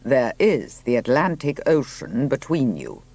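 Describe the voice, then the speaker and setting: A man reading the part of a blunt but kindly country gentleman who speaks dryly and placidly. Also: medium pitch, big pitch swings, unhurried.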